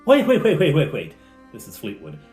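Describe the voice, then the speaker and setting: An eager adventurer, as a man puts him on, excitable and stammering, with a lively voice that jumps up and down. He sounds flustered and a little breathless with eagerness. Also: medium pitch, normal speed, roomy sound, faint music behind, close to an everyday voice. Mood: excited.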